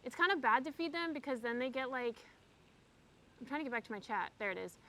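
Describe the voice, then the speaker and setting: A woman's voice: sits high, animated, fast, bright, forceful tone. A young woman streaming live from a windy park by a pond, chatting casually and reading out messages from her chat as she does yoga, recorded on a phone camera. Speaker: streamer doing yoga outdoors.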